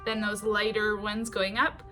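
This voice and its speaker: A woman teaching songwriting in a patient, unhurried way, with many ums and short sung phrases. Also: mid-range voice, completely flat delivery, over loud music.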